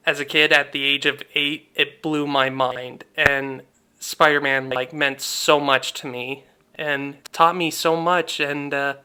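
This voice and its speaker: A man's voice: on the high side, little pitch movement, takes it slowly, bright, forceful tone, clear, resonant tone. A young man hosting a gaming channel, chatting casually and heartfelt over gameplay, rambling with many fillers.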